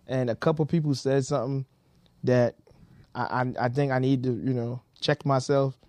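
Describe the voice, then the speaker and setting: A man co-hosting a podcast in casual chat, animated and prone to repeating himself. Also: medium pitch, normal speed, dry recording. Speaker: podcast co-host.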